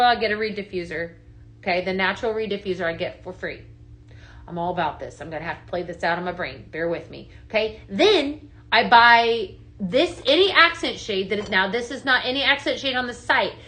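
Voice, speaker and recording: Young woman, bright ringing voice, bubbly live-sale host, chatty catchphrases. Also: medium pitch. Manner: bubbly, chatty, repeats "just saying". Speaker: home fragrance seller. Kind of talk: live shopping stream.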